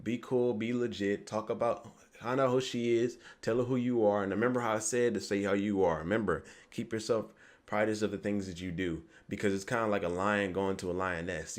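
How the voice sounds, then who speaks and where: Fast-talking deep-voiced young man. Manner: rambling, repeats "you get me", acts out quoted lines. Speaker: vlogger giving dating advice. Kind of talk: casual advice monologue to camera.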